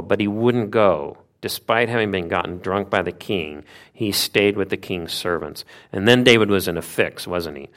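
Male preacher, lowish voice, animated storyteller posing questions to the congregation. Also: normal speed, few pauses. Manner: animated retelling with rhetorical questions. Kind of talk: sermon storytelling.

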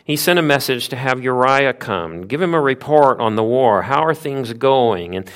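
A man preaching a sermon, retelling a Bible story with lively asides and rhetorical questions. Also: medium pitch, normal speed.

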